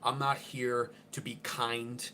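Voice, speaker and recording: Abrasive, profane livestream ranter. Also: male voice, mid-range voice, little pitch movement, slow pace, sharp tone, a little hiss or hum. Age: under 40. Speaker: political livestream host. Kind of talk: unscripted political livestream commentary.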